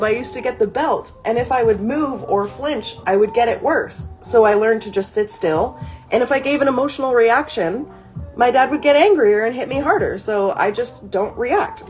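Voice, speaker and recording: A woman's voice: on the high side, lively intonation. A woman in her thirties chatting candidly on a live stream as she reads through a therapy workbook, swearing freely and wandering off on digressions. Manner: candid, swearing, quick digressions with laughing asides. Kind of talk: casual live-stream chat. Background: faint ambient music.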